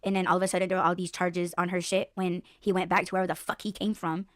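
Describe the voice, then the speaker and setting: A woman's voice: on the low side, fast, dry recording, clean studio sound. A woman hosting a podcast, telling a story in blunt, profane casual chat. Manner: blunt, profane, animated storytelling with mock voices. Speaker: podcast host.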